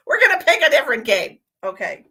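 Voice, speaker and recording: A woman's voice: mid-range voice, bright, forceful tone, a little hiss or hum. A woman who works as a psychic medium, chatting casually with viewers on her live stream. She is playful, laughs often and calls people sweetheart and honey.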